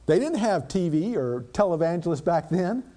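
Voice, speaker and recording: A man's voice: sits high, very animated, normal speed, mellow. A man preaching a sermon, reading scripture aloud and breaking into dramatic plain-spoken commentary with rhetorical questions.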